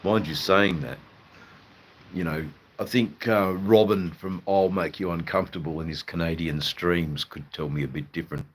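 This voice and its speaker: A man's voice: deep voice, fairly even intonation, moderate pace. An Australian man chatting casually and ramblingly to his live-stream viewers, swearing now and then.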